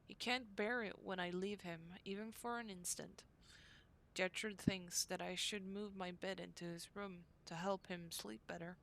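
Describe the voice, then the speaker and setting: A woman's voice: medium pitch, fairly bright tone. A woman reading as a devoted young diarist. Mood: earnest. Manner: earnest, unhurried reading. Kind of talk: reading a diary aloud.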